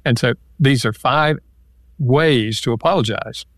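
A man speaks as an interview guest, explaining each point patiently with examples. His voice sits at an ordinary pitch. The recording is close and dry, with no room sound. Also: unhurried, dry recording. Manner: calm, explanatory, gives examples. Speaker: author and marriage counselor guest. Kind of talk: interview conversation.

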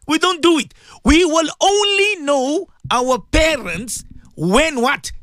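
Radio host, preaching talk, emphatic, repeats phrases, Arabic phrases in English, animated pitch, dry studio sound. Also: measured pace, no room sound.

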